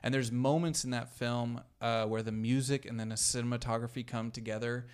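A man's voice: mid-range voice, steady tone, brisk, clean tone. A man talking casually and enthusiastically about a favorite movie, with restarts and the odd swear word for emphasis. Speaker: podcast guest discussing films. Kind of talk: casual chat.

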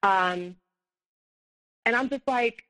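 A woman talks through a personal story as a podcast guest, her voice bright and a little tense. She circles back with fillers and restarts, then acts out the lines other people said in her own voice. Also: on the high side, slow, low-quality recording. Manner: rambling, many fillers and restarts; acts out quoted dialogue, rising when heated.

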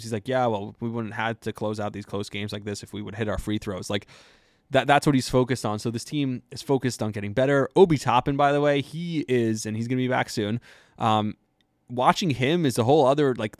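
A man's voice: mid-range voice, no echo, clean studio sound. A man hosting a sports podcast, talking casually and rambling with lots of fillers as he goes. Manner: chatty and rambling, with many fillers.

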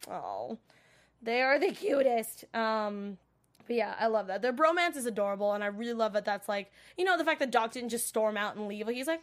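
A woman's voice: on the high side, expressive, brisk. A young adult woman recapping a TV episode in a casual, gushing way, full of "like" and "you know". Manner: gushing, filler-heavy, lots of "like" and "you know".

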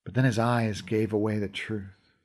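A man's voice: fairly low pitch, fairly even intonation, moderate pace, a little mellow. A man giving heartfelt, emotional first-person story narration.

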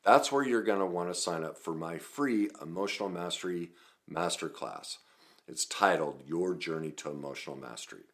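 A man's voice: sits low, expressive, moderate pace. A middle-aged man, a self-help coach, talking earnestly and emphatically in a video, sharing his own story.

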